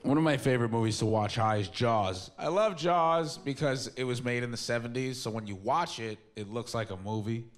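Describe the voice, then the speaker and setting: A man's voice: medium pitch, fairly quick, few pauses. A man in his twenties doing a stand-up comedy set on a club stage, talking in a casual, rambling, self-mocking way into a handheld mic. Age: 20s.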